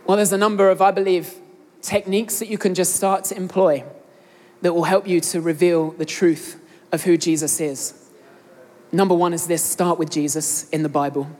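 A woman's voice: fairly low pitch, flat delivery, moderate pace, darkish tone. A young woman with an English accent preaching a sermon, earnestly addressing the congregation directly. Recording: long hall reverb.

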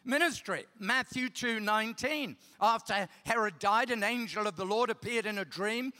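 A man's voice: sits high, normal speed, pushed and bright. A middle-aged man preaching a sermon, emphatic, repeating key words and checking in with the audience. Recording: long reverb of a large hall.

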